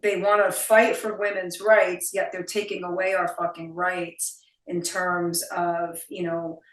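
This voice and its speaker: A woman's voice: on the low side, unhurried, far from the mic. A woman in her forties with a New Jersey accent, a guest chatting bluntly and with plenty of swearing in an interview over a video call. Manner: blunt, profane, animated. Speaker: actress guest. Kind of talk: casual interview chat. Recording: roomy sound from off-mic.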